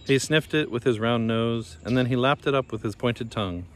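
A man reading a children's fairy tale aloud in a gentle, measured storytelling manner. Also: mid-range voice, a little hiss or hum. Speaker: storybook reader.

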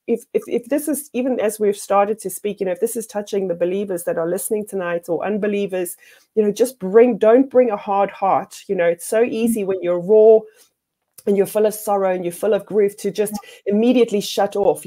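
A woman's voice: mid-range voice, warm tone. A woman co-hosting a prayer forum, exhorting listeners in an encouraging way, with many fillers and repeated words. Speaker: co-host of a prophetic prayer forum. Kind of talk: spoken exhortation.

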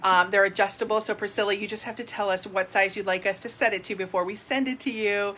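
A woman's voice: mid-range voice, steady tone, quick pace, a bit bright, slight background noise. A woman co-hosting a live jewelry sales stream, gushing and upbeat as she talks to viewers. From New Jersey.

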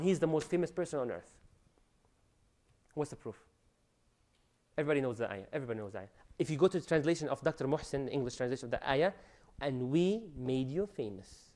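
A man giving an animated religious lecture, preaching with loud rising emphasis and Arabic phrases mixed in. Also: mid-range voice. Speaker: Islamic lecturer.

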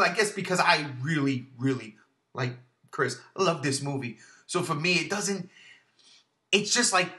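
On a casual film review podcast, one male co-host talks with lively energy and plenty of profanity, shifting between quiet mumbling and sudden loud bursts.

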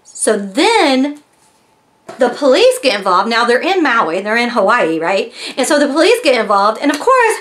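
A woman's voice: a little high, very animated, normal speed, fairly bright tone. A woman chatting casually as she reviews a mystery box, retelling its story with lots of fillers. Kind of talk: casual chat.

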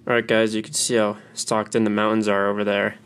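A man's voice: on the low side, a little fast, a little hiss or hum. Breathless young man vlogging outdoors. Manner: excited, casual slang. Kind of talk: casual vlog to camera. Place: outdoors on a ski mountain.

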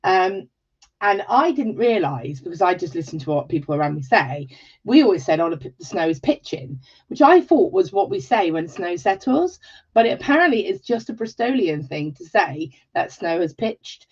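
An English woman from England, hosting a live jewellery tutorial in a warm, chatty way, greeting viewers by name and exclaiming often. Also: on the low side, sing-song, normal speed, husky. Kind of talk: chatty livestream talk. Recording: slightly dull livestream audio.

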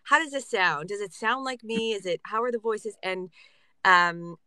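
A woman voice actor from Canada, chatting earnestly on a panel, animated and quick to laugh. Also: mid-range voice, dry recording. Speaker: voice actor, guest. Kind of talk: casual panel chat.

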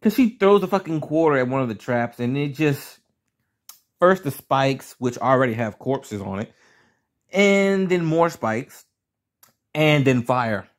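Male online reviewer, blunt and profane, lively swooping delivery, casual rant. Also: medium pitch, moderate pace. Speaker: show reviewer. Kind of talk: casual pros-and-cons video review.

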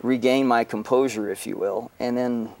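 A middle-aged man, a pastor and guest, telling an emotional personal story in an earnest, halting way with many restarts. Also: medium pitch, steady tone, vocal fry, darkish tone, distant mic.

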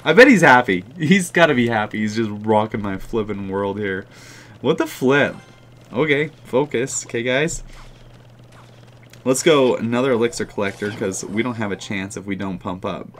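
A young man commentating his own mobile game matches, frustrated and self-mocking, with sudden loud outbursts. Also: fairly low pitch, moderate pace, a little hiss or hum. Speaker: gaming YouTuber.

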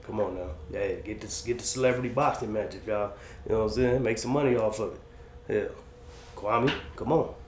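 A man's voice: lowish voice, brisk. A man hosting reaction commentary, giving easygoing street-slang advice. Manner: laid-back, slangy, big-brother advice. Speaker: commentary host. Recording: roomy room with faint noise.

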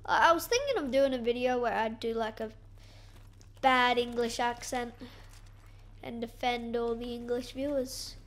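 High-voiced excitable woman gamer. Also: a little hiss or hum. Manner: excitable, self-mocking, quick exclamations. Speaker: gaming YouTuber. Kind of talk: gameplay commentary.

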